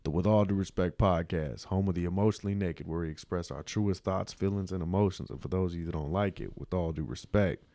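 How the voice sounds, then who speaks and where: Laid-back man, very low gravelly voice, dry close podcast mic. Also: fairly quick, few pauses, warm tone, dry recording. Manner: laid-back, slangy, lots of "you know what I'm saying". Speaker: podcast guest. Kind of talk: casual interview chat.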